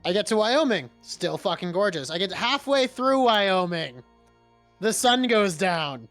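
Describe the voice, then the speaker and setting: A man's voice: high voice, very animated, unhurried, fairly bright tone, soft background music. A man in his late twenties from Massachusetts, chatting casually on a stream and telling stories animatedly, laughing and swearing freely. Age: 20s. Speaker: stream co-host. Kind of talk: casual chat.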